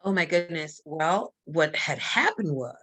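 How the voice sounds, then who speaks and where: A woman's voice: sits low, lively intonation, measured pace, pushed and bright. A woman with a Barbadian accent talking on a live interview as a guest, speaking emphatically and repeating her key lines like a preacher. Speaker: guest, magazine publisher and coach.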